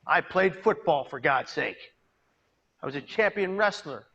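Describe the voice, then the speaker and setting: A man giving a personal testimony as a peer mentor, storytelling dramatically and swinging between hushed and loud delivery. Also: fairly high pitch, lively intonation, measured pace, creaky, lo-fi sound. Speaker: peer mentor and suicide prevention speaker. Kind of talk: personal testimony to a live audience. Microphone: video call.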